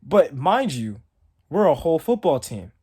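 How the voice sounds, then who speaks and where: A man's voice: a little high, sing-song, a little slow, a little mellow, husky. Rambling young man telling a story. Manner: rambling, heavy use of "like". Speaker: storytime vlogger. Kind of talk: casual storytelling.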